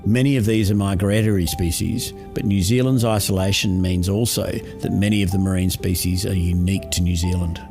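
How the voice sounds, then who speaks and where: A man narrates a scripted podcast segment in a measured, informative tone. His voice sits on the low side, with faint music underneath. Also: steady tone.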